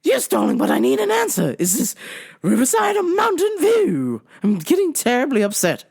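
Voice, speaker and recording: A woman's voice: wildly swooping pitch, normal speed, creaky, darkish tone, heavily acted. A woman voicing a haughty older woman customer who puts on a phony English accent, calling everyone darling. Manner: high, shrill, fussy, calls everyone darling.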